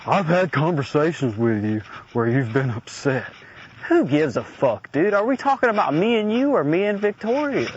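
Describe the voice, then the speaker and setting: A man venting in a blunt, profane, aggrieved personal audio diary rant. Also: sits high. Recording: dull lo-fi recording with faint noise.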